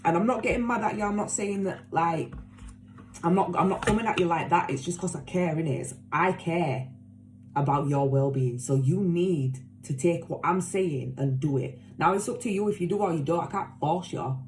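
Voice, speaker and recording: Lady doing a tarot reading, low mellow voice, blunt and sweary but caring, says things over and over. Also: moderate pace, faint music behind. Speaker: tarot reader. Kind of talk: casual tarot reading to viewers.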